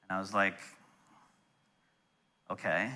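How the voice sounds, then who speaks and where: A middle-aged man preaching, telling a personal story in an animated way that turns soft and quiet when he is moved. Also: a little high, measured pace. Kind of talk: storytelling sermon.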